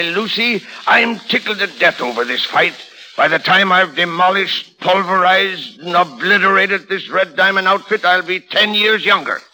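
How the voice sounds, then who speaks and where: An actor playing a blustering sixty-year-old shipping boss who bellows colorful sea oaths, in 1940s radio acting style. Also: male voice, sits high, sharp tone, slight background noise, heavily acted, poor audio. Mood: boastful.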